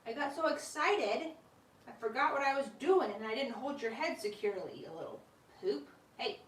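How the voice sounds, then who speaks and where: Mulher conversadora falando com seus bichinhos, em sala ecoante. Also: female voice, high-pitched, lively intonation, normal speed, fairly bright tone. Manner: chatty, talks fondly to her pets, laughs often. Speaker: sugar glider owner and channel host. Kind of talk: casual live-stream chat. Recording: roomy room with mic at a distance.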